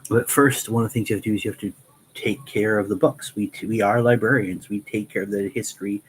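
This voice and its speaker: Low-voiced man rambling through lore. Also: fairly even intonation, quick pace, slight background noise, rough recording. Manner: rambling, full of fillers and restarts. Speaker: host of a Q&A channel. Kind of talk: casual rambling storytelling.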